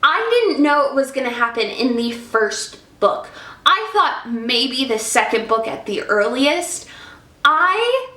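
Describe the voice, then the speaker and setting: Woman book vlogger, fairly high voice, unhurried and gushing, recorded in an echoey room. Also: big pitch swings, bright, forceful tone. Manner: effusive, emotional, chatty. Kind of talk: casual book review vlog.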